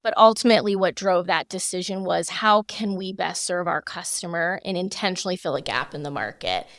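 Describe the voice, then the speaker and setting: A woman in her thirties, a fashion designer, answering interview questions in a measured, polished way with frequent fillers, close to the mic. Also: fairly low pitch, fairly bright tone, dry recording. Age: 30s. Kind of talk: podcast interview.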